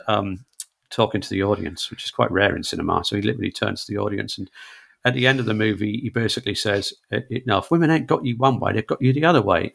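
A man talks through old films as a radio guest. His voice sits low, with a gravelly fry. He is relaxed and chatty, poking fun at himself. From northeast England. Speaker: film reviewer guest. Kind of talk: casual radio chat.

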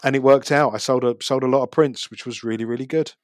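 A man's voice: medium pitch, steady tone, quick pace, no room sound. Guy chatting away, trips over his words a bit, dry sound. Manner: chatty, rambling, frequent restarts. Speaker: street photographer, podcast guest. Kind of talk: casual chat.

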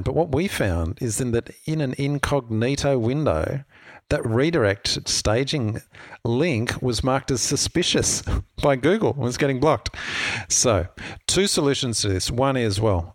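A man's voice: medium pitch, dry recording. A man co-hosting a marketing podcast, explaining things casually with examples. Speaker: podcast co-host.

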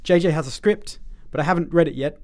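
Podcast co-host, male, joking upbeat delivery, somewhat higher voice. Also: quick pace, darkish tone. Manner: upbeat, joking, frequent fillers. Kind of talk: casual chat.

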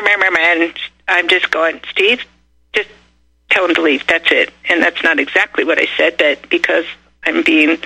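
An older woman, a radio guest, telling a story in a casual, animated way and acting out the lines of the people in it. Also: mid-range voice, poor audio. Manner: animated, acts out quoted dialogue.

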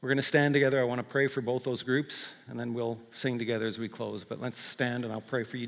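A pastor preaching an earnest sermon to a congregation in a large church, then leading them in quiet prayer. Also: male voice, mid-range voice, little pitch movement, quick pace, creaky, few pauses. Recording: hall reverb.

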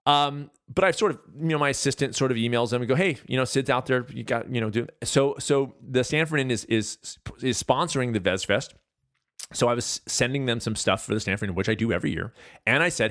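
A man in his forties from California, hosting a podcast and talking in a casual, animated, self-mocking rant. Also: mid-range voice, fast talker, no echo, studio quality. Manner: animated, ranting, self-deprecating. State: out of breath. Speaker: podcast host. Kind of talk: casual monologue.

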